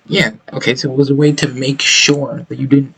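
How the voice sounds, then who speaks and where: A man's voice: medium pitch, level tone, normal speed, gravelly, fairly bright tone, breathy edge, low-quality recording. A man streaming his reactions to videos, ranting bluntly and with plenty of swearing. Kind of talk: reaction commentary.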